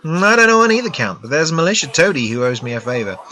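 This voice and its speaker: A man voicing a scheming male alien fixer from a space game, in a smooth, wheedling dealmaker tone. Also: fairly high pitch, very animated, very fast, sharp tone.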